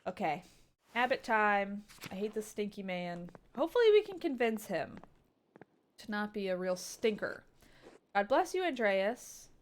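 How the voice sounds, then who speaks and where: A woman's voice: medium pitch, very animated, a little slow, slight background noise. A woman streaming a game, chatting in a bubbly, exclamatory and playful way. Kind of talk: casual game stream chat.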